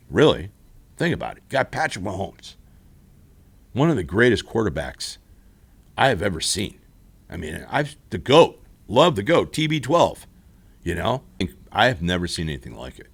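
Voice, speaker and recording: A man hosting a football recap show, rambling and animated in casual commentary, laughing often. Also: lowish voice, normal speed, vocal fry, long pauses, slightly rough. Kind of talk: casual sports commentary monologue. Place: studio.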